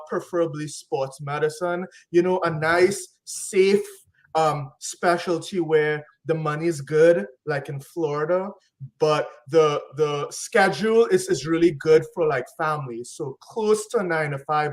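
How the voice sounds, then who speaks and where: In a relaxed interview chat, a podcast guest who works as a business consultant talks in a cheerful, casual style packed with catchphrases and slang. He has a voice on the high side and takes his time.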